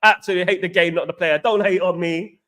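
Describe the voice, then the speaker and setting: A man with an East London accent chats casually as a livestream host. He reads out viewer comments and answers in slangy banter full of repeated catchphrases. His voice is high and bright. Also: fairly even intonation, quick pace.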